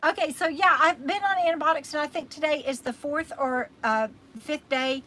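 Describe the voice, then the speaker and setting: A woman's voice: high voice, moderate pace, sharp tone, low-quality recording. A woman with a Texas accent, tired and getting over an illness, chatting rambly on her live stream and thanking viewers by name. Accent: Texan. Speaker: livestream host. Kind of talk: casual live-stream chat.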